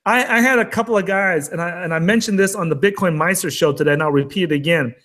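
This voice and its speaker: High-voiced fired-up man ranting. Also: fast talker, fairly bright tone. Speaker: co-host of a crypto trading show. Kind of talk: casual chat.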